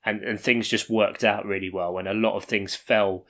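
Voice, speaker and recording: A man's voice: fairly low pitch, steady tone, normal speed, a bit bright. A man co-hosting a sports podcast in casual chat, joking and riffing on numbers. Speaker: podcast co-host.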